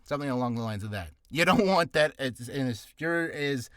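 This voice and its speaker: A man's voice: mid-range voice, lively intonation, moderate pace, fairly bright tone, no room sound. A man talking through voice-care tips in a loose, rambling, jokey way, restarting his sentences as he goes. His throat sounds a little dry and ticklish, and the dry, close recording has no room sound. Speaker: voice actor giving advice. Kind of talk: casual spoken video lesson.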